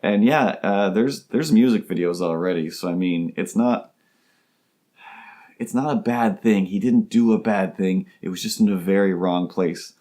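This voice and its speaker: A man's voice: low-pitched, normal speed, mellow. A man hosting a comedy podcast alone, talking in a rambling, goofy way that keeps interrupting itself. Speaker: host. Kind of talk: comedic solo podcast monologue.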